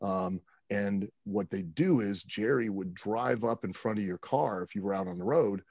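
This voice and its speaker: A man with a husky, slightly rough voice tells a road story in an easy, chatty way, throwing himself into every quote. The sound is dry and close, with a slightly dull, lo-fi tone. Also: lowish voice, normal speed, no room sound. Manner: animated, acts out quotes. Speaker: guest. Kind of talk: casual storytelling.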